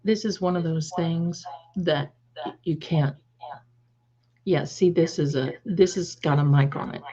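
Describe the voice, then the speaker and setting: A woman's voice: low voice, measured pace, warm tone, dull audio. A woman hosting a tarot livestream in casual chat, affectionately calling her viewers "my darlings" while fiddling with her setup.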